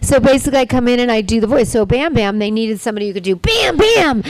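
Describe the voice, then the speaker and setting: A woman's voice: a little high, expressive, fast talker, no echo. A woman voice actor chatting on a convention panel, answering fan questions in a playful, chatty way. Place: convention hall panel room. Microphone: handheld microphone.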